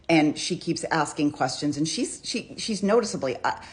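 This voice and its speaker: A woman talking casually about a criminal case, chatty and quick to restart her sentences. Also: low voice, animated. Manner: chatty, restarts often, reads out quotes with feeling. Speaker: true crime commentator. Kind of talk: casual true crime commentary.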